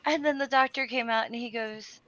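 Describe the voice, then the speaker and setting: A bright, fairly high woman's voice tells a self-deprecating story in a casual group chat. The line sounds dull and muffled. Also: a little fast, no echo.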